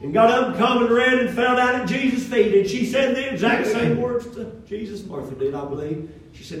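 In a church, a middle-aged man delivers a sermon in a voice pitched high for a man, rising and falling as he builds each point. His talk is plain and folksy, brisk and expressive with few pauses, and he trades call and response with the congregation. The recording is echoey, slightly distant from the mic, with a little hiss or hum.

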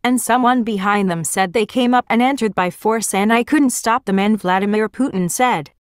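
A woman's voice: mid-range voice, moderate pace, no echo. Woman narrating in a dry, close sound. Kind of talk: first-person religious vision testimony.

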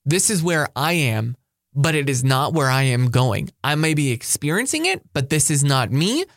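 A man preaching a motivational talk to high school students, energetic and emphatic, repeating his key phrases. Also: normal speed, creaky, dry recording, studio quality. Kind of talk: sermon-style motivational talk.

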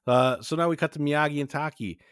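A man's voice: fairly high pitch, fairly quick, a bit bright, smooth, no echo, clean studio sound. A man hosting a podcast, recapping an old cartoon episode in a joking, rambling casual chat full of fillers. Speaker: podcast host.

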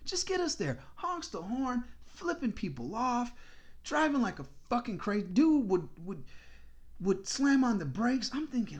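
A man spins a casual podcast story in a foul-mouthed, exasperated rant. His pitch swings widely as he goes, rising and dropping through each sentence. His delivery stays loose and conversational. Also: big pitch swings, a little slow. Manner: profane, exasperated ranting. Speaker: podcast host.

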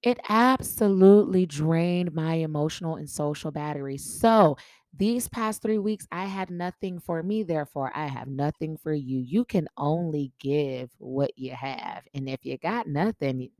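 A woman with a low voice hosts her podcast and tells her stories in a playful, chatty way, teasing the listener with "guess what" and joking along. Her voice comes through a podcast mic, close and dry, with little room sound. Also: measured pace, a little mellow, no echo. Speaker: podcast host. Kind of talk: casual podcast storytelling.

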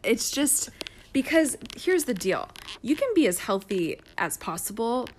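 A woman's voice: on the high side, very animated, normal speed, slight background noise. A woman in a casual couple's chat, chatty and candid, often laughing as she talks. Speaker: podcast co-host.

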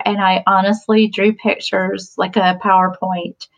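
A woman's voice: mid-range voice, level tone, measured pace, hardly any pauses, highs cut off. A woman in her forties, a podcast guest telling stories in a casual chat, talkative with frequent laughs and fillers. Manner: chatty, laughs often, many fillers.

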